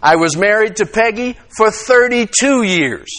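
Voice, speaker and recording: A man in his sixties preaching an animated, conversational sermon, checking in with his listeners and acting out quoted lines. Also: high voice, a little slow. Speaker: pastor.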